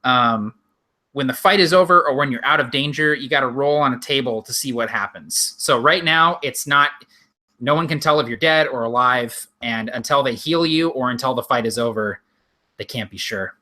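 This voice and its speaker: Bright-voiced male game master. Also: mid-range voice. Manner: unhurried and descriptive, with frequent ums. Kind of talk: narrating a tabletop game.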